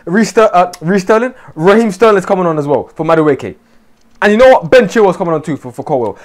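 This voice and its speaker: High, animated gaming streamer. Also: male voice. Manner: shouts, swears and groans at the players. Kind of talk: excited live gameplay commentary.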